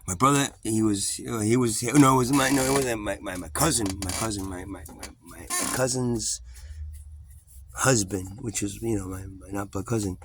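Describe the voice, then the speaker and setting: A man's voice: on the low side, normal speed, fairly bright tone, a little hiss or hum. A man telling a casual personal anecdote in a rambling way, full of restarts, swearing and laughs between words. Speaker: storyteller.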